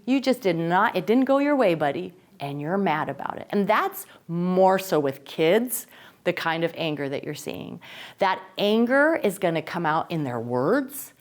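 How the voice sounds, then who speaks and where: A middle-aged woman speaks to parents in a faith-based parenting lesson. Her delivery is lively and animated. She often acts out the voices of the people she quotes. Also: fairly low pitch, a little slow.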